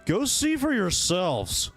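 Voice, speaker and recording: A man's voice: high voice, huge pitch swings, takes it slowly, a bit bright, husky, faint music behind, pitched above the performer's own voice, full character voice. A man doing a laid-back middle-aged mechanic with a put-on Californian accent, reading along with a game.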